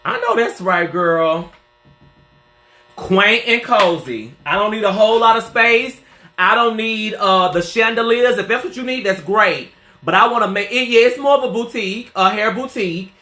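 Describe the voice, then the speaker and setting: At a moderate pace, a high-voiced, bright-toned stylist in his 40s gives a casual live tour of his small hair salon, which he owns. He's sassy and chatty, dropping girl and honey at viewers, and the small space sounds echoey.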